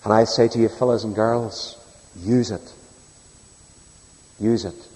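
A man preaching a sermon, telling stories earnestly, swinging between loud emphasis and a soft hush. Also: on the low side, fairly even intonation, takes it slowly. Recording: long hall reverb.

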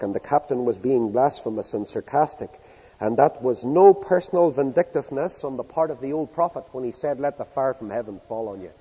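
A man preaching a sermon in a folksy storytelling way, acting out the speakers in the story with big swings in loudness. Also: medium pitch, slightly rough, long reverb tail, poor audio.

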